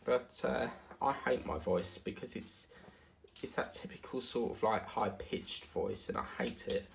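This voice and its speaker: This diamond painting vlogger from England has an Essex accent with some South African mixed in. He speaks at a medium pitch and a measured pace in a gravelly voice. Working on his craft, he chats casually and meanders, dropping in lots of fillers and asides.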